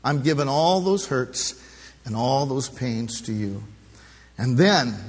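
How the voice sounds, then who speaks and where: A middle-aged male pastor preaching a sermon, impassioned, rising to loud emphatic peaks and dropping to hushed low passages. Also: lively intonation, slow, long pauses, slightly rough. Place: church sanctuary during a service. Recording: long reverb of a large church hall.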